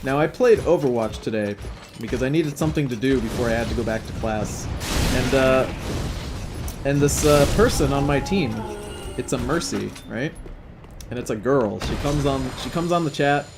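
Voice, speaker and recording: A man's voice: medium pitch, normal speed, over music. A young man hosting a gameplay video, casually telling a long rambling story with plenty of swearing. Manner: profane, rambling, chatty. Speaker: let's play host.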